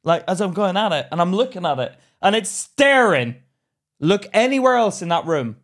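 A man's voice: high voice, sing-song, moderate pace, a bit bright. A man co-hosting a podcast, bluntly telling crude stories and swearing freely. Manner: blunt, swears a lot, tells stories with quoted voices. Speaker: podcast co-host. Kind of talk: casual crude banter.

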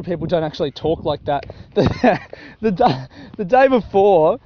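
A man's voice: on the high side, lively intonation, normal speed. A young Australian man chatting casually while walking along a grassy rural track, swearing often and laughing at his own jokes. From South Australia. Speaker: vlogger. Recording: dull lo-fi audio with faint noise.

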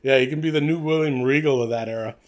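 This podcast co-host is a young man with a mid-range voice who talks fast. He keeps the wrestling chat casual and lively, laughing a lot and leaning on filler words.

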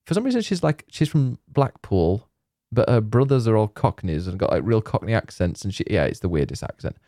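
Low, mellow-voiced man rambling casually. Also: sing-song, brisk, no echo, clean studio sound. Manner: rambling, laughs often, many fillers. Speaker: podcast co-host. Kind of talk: casual chat.

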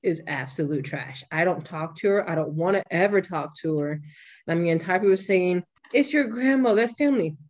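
A young woman hosting a podcast, talking bluntly and with plenty of swearing in a casual, animated way. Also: fairly low pitch, brisk. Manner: blunt and profane, animated retelling. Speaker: podcast host.

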